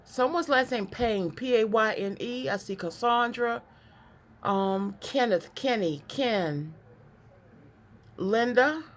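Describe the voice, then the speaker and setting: A woman doing a psychic card reading to camera. She talks in a chatty, animated way, often repeats words, and drifts into preaching. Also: fairly high pitch, slow pace.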